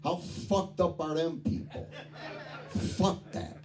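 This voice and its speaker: A man's voice: a little high, fairly even intonation, slow, a little mellow, faint music behind. A man in his fifties doing a crude, profane stand-up routine on a club stage. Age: 50s. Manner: profane, rowdy storytelling. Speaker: stand-up comedian. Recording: distant mic, noisy club. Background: audience laughter.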